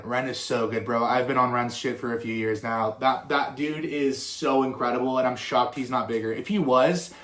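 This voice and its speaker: A young male musician chats loosely through viewer questions, drifting off on tangents and swearing freely. His voice sits at an ordinary middle pitch. The recording carries a noticeable roomy echo. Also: fairly bright tone. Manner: rambling and swearing, full of fillers and tangents. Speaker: musician and content creator. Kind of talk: casual Q&A chat.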